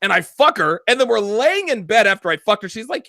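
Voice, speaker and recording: A man's voice: high-pitched, a little fast, vocal fry, dry recording, studio quality. A man hosting a casual podcast conversation, telling blunt, profane stories. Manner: animated, profane storytelling. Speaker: podcast host.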